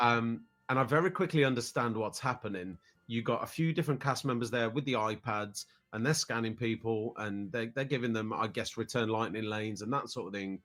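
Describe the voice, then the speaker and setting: A man's voice: mid-range voice, a little fast, few pauses, fairly bright tone. A British man in his thirties, a podcast guest telling a family trip story in a casual, rambling way, often repeating words as he starts sentences. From United Kingdom.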